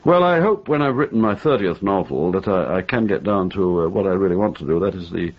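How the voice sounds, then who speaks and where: A man's voice: low voice, lively intonation, fairly quick. An older man from England, a novelist giving an interview, talking in a wry, opinionated way with lots of restarts and fillers, on an old, dull archival tape. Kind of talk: conversational interview.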